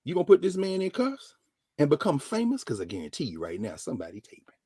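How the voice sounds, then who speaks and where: A middle-aged man, a professor telling a story dramatically, dropping to a hush and rising to shouts as he quotes people. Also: a little high, wildly swooping pitch, quick pace, breathy edge, no echo, studio quality. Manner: dramatic retelling, voicing others in quotes, swinging from hushed to shouting. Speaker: professor and regular guest. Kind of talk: animated storytelling lesson.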